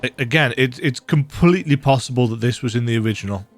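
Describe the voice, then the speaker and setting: A man's voice: mid-range voice, fast talker, faint music behind. A man commenting casually and wryly on a video game as he plays. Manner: wry, chatty reactions. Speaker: let's play youtuber. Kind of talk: casual commentary over gameplay.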